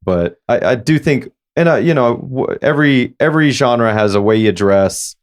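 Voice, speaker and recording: A man hosting a podcast interview, chatting casually in a rambling, halting way with many false starts. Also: medium pitch, lively intonation. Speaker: podcast host.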